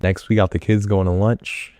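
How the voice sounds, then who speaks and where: A man giving a casual reaction commentary on a TV drama, animated and joking, with slangy talk. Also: sits low, moderate pace, no echo.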